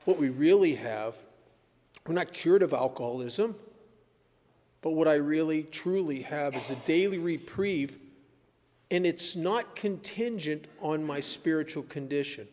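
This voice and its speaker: A man's voice: on the high side, animated, a little slow, a little mellow, a little hiss or hum. Earnest older man speaking in an echoey hall. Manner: earnest, blunt, storytelling with sudden emphatic rises. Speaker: speaker at a recovery meeting. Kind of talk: personal recovery talk. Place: meeting hall.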